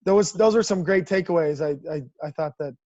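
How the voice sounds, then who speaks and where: Guy coach swapping old stories, kinda high voice, dry dull call audio. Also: a little fast, dry recording. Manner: animated, lots of restarts and laughs. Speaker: guest, professional baseball coach. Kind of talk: casual storytelling.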